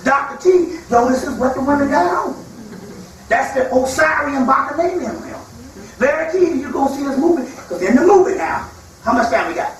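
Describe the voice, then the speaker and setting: A man's voice: very high voice, animated, normal speed. Male lecturer, colloquial storyteller who acts out his quotes; very echoey room, faint background hiss. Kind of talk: spiritual lecture to a live audience. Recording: echoey hall from far off, faint noise.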